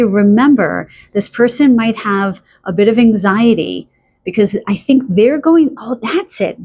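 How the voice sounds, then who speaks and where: A woman's voice: mid-range voice, a little mellow. Chatty woman giving a tarot reading. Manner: chatty and spontaneous, pauses searching for words. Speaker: tarot reader. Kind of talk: channeled pick-a-card tarot reading.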